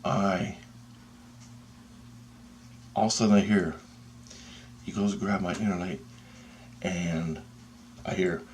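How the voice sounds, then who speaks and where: A man telling a personal story in a casual, excitable and profane way, with pauses and restarts. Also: low-pitched, slight background noise.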